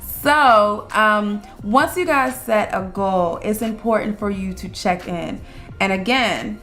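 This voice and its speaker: A woman co-hosting a casual chat who gives relationship advice in an earnest, step-by-step way, slowing down on key words. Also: mid-range voice, pushed and bright, faint music behind. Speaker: co-host of a couples channel.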